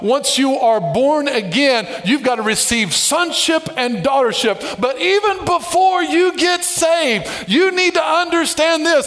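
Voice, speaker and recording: A man preaching a sermon as pastor to a congregation, playful and dynamic, moving between soft asides and shouted emphasis. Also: extremely high pitch, expressive, unhurried, hardly any pauses, faint music behind. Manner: playful, with humorous asides and call-outs to the congregation.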